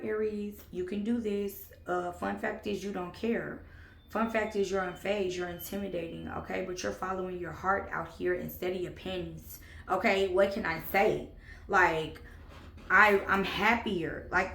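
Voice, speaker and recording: A woman's voice: medium pitch, creaky, fairly bright tone, reverberant. A woman giving a sassy, sarcastic tarot reading, swearing and laughing as she talks. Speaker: tarot reader.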